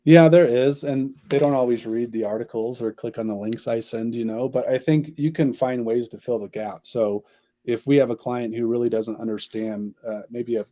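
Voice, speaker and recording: A man's voice: medium pitch, steady tone, normal speed, warm tone, no echo. A man, a company chief executive, answering interview questions at length in an upbeat way. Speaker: agency CEO, podcast guest.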